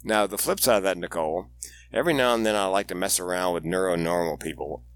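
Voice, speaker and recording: A man's voice: low-pitched, fast talker, no room sound. A man speaking as a guest on an interview podcast, telling candid stories with dry humor. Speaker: guest, suicide prevention speaker.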